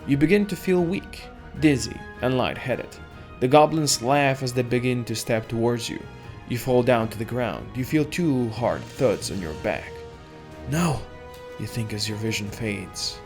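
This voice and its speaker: A man reads an AI text adventure aloud as its player, narrating in a steady second-person voice. His pitch sits in a middle range. Faint music plays in the background.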